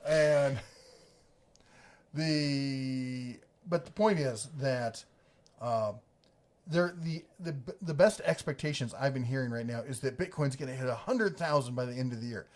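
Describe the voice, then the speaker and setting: Casting note: male host, casual livestream chat, rambling and jokey, mid pitch. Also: measured pace. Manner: rambling, joking, self-correcting.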